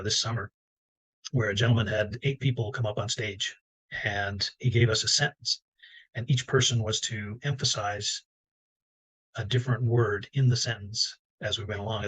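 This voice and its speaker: A man giving a relaxed, conversational talk as a business coach, with frequent fillers. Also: on the low side, moderate pace, slightly rough, rough recording. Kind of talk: instructional talk to camera.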